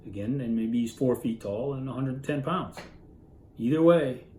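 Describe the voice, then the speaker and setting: A man at a middling pitch teaching literature in a relaxed, conversational way, often tossing rhetorical questions to the class. The recording is roomy and echoey, with a faint hum of background noise underneath. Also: normal speed. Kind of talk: casual classroom lecture.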